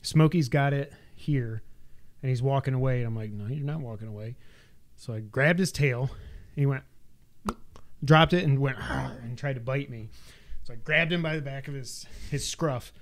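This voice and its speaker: Male podcast co-host, casual, mid-pitched, reads news with wry interruptions. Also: moderate pace. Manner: reads press copy with asides and jokes. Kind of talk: casual chat, reading news aloud. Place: home.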